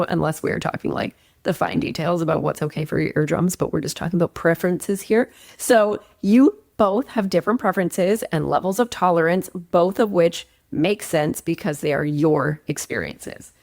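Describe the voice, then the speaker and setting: A woman in her thirties, a relationship coach, giving emphatic, conversational advice straight to the camera. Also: lowish voice. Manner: animated, emphatic, conversational with acted-out quotes. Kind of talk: direct-to-camera advice talk.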